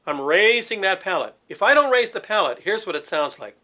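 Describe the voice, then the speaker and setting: Male voice teacher, middle-aged, bright ringing tone, slightly high voice, demonstrative and explanatory. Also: very animated, brisk, hardly any pauses. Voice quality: resonant, focused head voice. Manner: demonstrative, explains with sung examples. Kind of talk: vocal technique lesson.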